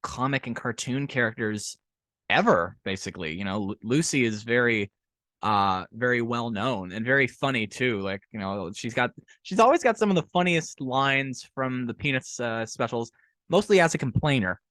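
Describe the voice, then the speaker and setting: A man hosts a podcast conversation. His voice is mid-pitched and sounds dry, with no room around it. He talks loosely and cracks small jokes between his questions. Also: normal speed, no echo. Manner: relaxed, jokey, uses "you know". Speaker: podcast host. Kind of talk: casual interview chat.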